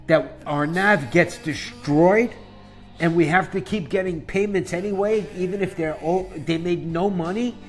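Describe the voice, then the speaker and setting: Profane man ranting about investing. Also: high voice. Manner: profane, combative, swings from calm to shouting. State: losing his voice. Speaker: investing YouTuber. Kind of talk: angry ranting monologue.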